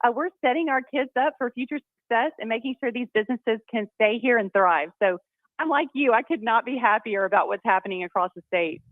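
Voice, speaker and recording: A woman's voice: a little high, brisk, no echo. A congresswoman, talking enthusiastically as a guest on a radio show. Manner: upbeat, enthusiastic storyteller. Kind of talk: phone-in radio interview. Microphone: phone. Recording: tinny phone line.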